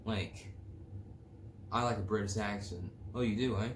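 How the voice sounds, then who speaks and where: A man's voice: on the low side, fairly even intonation, measured pace. A man hosting a casual solo podcast, rambling and crude, joking and reading definitions aloud. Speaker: podcast host. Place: home room, early morning. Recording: echoey room with faint ambient noise.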